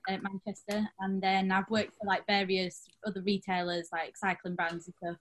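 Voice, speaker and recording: A young woman answers questions in a relaxed, casual interview. Her voice has a middle pitch, and she talks with soft hesitations, often letting her sentences fade quietly at the end. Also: normal speed. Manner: relaxed, hesitant with fillers, trailing off softly. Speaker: guest, outdoor brand founder.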